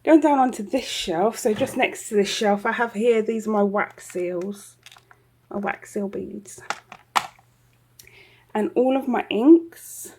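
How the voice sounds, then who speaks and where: A woman's voice: medium pitch, slow, darkish tone, a little hiss or hum. A woman chatting casually through a tour of her home craft room, rambling with lots of ums and little laughs. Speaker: craft vlogger. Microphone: handheld camera.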